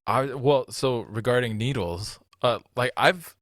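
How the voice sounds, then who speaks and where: A man's voice: medium pitch, unhurried, a bit bright, no room sound, studio quality. A man co-hosting a podcast in casual chat, easygoing and teasing, laughing often. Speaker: podcast co-host.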